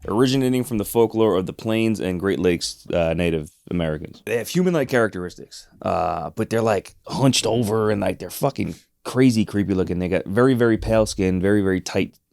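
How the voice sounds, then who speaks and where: A man co-hosting a podcast, telling a spooky story in casual chat, rambling with restarts and quick laughs. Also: fairly low pitch, gravelly, darkish tone, no room sound, clean studio sound. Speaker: podcast co-host.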